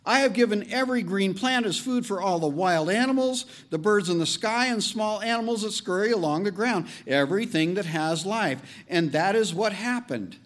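A man preaching a sermon as pastor, animated and joking, leaning on slow emphatic phrases. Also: high voice.

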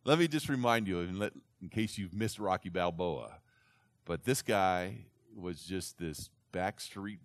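Man with lowish voice spinning a story for a crowd, does little voices, dry sound. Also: dry recording. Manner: animated retelling, slips into character voices. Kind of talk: storytelling talk to an audience.

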